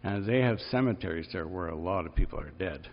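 Male preacher, sermon delivery, lively pitch, dull sound in a big echoing hall, acts out the cries in a strained voice. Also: fast. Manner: animated, acts out quoted cries in a high strained voice. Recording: dull sound, long reverb in a large hall.

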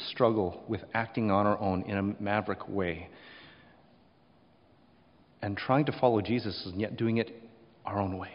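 A man preaching a sermon, rising to loud emphasis and then dropping quiet, often acting out short quotes. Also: mid-range voice, long reverb tail, lo-fi sound. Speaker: pastor.

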